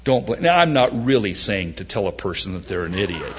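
A man preaching a sermon, quoting dramatically and joking wryly between slow emphatic points. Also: fairly low pitch, slightly rough, dull audio. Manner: animated, dramatic quoting with mock-wailing and wry humor. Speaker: pastor.

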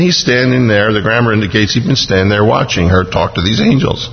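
A man's voice: mid-range voice, moderate pace, hardly any pauses. A man preaching a sermon, dramatically acting out biblical scenes with touches of humor. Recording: dull lo-fi recording with long reverb.

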